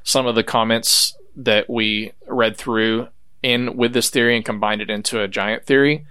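A man co-hosting a podcast, calmly explaining in casual chat. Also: medium pitch, normal speed, clear, resonant tone. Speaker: podcast co-host.

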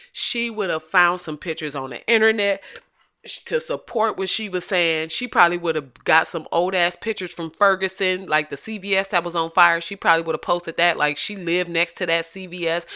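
A woman hosting casual opinion commentary, blunt and animated, swearing freely as she talks. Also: fairly low pitch. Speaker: commentary host.

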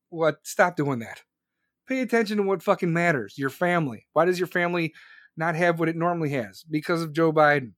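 A furious man with a high voice rants about politics as a podcast host. He swears constantly and fires off angry questions. The sound is close and dry, with no room around it. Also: brisk, dry recording. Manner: profane, furious, shouting questions.

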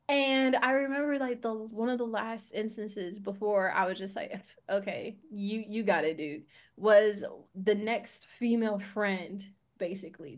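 A young adult woman co-hosting a casual podcast chat, telling a personal story in an animated way, with many fillers and frequent laughs. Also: medium pitch. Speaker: podcast co-host.

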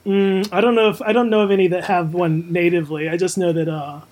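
A co-host in a relaxed comedy brainstorm, rambling and laughing through ideas. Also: mid-range voice, fast talker. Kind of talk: casual comedy brainstorm chat.

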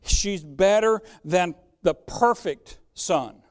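A man's voice: high-pitched, lively intonation, takes it slowly, clean tone. A man preaching a sermon as pastor, emphatic and fond of rhetorical questions.

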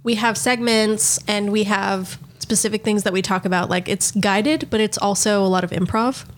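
A woman co-hosting a podcast, telling stories in a casual, animated way and laughing often. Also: medium pitch, moderate pace. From Southern California. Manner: animated storytelling with frequent laughs. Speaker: podcast co-host. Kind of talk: casual chat.

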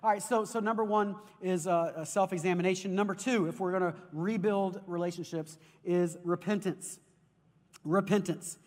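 High-voiced preacher in a reverberant hall. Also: male voice, fairly quick, few pauses. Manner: animated storytelling preacher, repeats words. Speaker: pastor. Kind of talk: sermon. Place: church sanctuary. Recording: long reverb of a large hall.

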